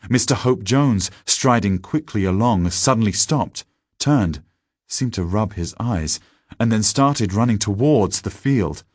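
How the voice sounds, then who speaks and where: A man reading a story aloud in a measured, deliberate audiobook narration. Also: low-pitched, husky, no room sound, clean studio sound.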